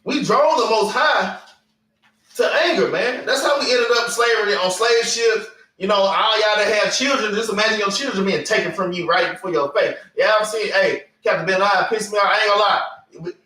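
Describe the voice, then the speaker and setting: High, fiery preacher in an echoey room. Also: male voice, moderate pace, sharp tone, far from the mic. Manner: blunt and fiery, with slang and cursing, repeating "man" and "all right". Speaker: Bible class teacher. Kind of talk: informal preaching with scripture reading. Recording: echoey room, away from the mic.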